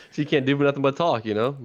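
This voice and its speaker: A man's voice: on the high side, no echo, dull audio. A man co-hosting a casual podcast, laid-back and agreeable, often answering in short replies. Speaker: podcast co-host. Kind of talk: casual chat.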